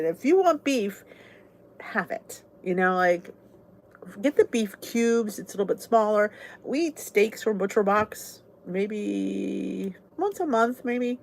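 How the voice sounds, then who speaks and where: Casting: middle-aged woman vlog host, chatty and candid, animated pitch swings. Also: gravelly, slight background noise. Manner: chatty and candid, laughs often, oversharing. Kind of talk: casual chat with viewers.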